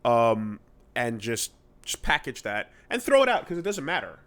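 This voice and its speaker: A man's voice: mid-range voice, big pitch swings, normal speed, a bit bright. A man co-hosting a podcast in casual chat, telling a story animatedly, with many restarts and a lot of swearing. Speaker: podcast co-host.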